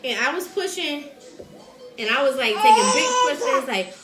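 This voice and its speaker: A woman's voice: high voice, brisk, roomy sound, loud music behind the voice. A woman telling a story in a casual chat, laughing often and acting out what people said. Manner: animated, laughs often, acts out quotes. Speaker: host.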